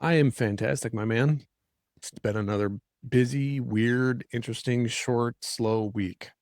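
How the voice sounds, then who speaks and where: A man's voice: medium pitch, a little slow, a little mellow, no room sound, studio quality. A man co-hosting a podcast from a job trailer, talking in a laid-back, blunt way and swearing casually. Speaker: podcast co-host. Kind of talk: casual chat.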